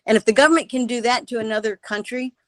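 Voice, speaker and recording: A woman with a fairly high voice delivers fervent political commentary as a radio guest. She presses her points with repeated rhetorical questions. The sound is close and dry, like call audio without room echo. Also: fast talker, a bit bright. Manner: impassioned, emphatic, rhetorical questions. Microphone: remote call audio.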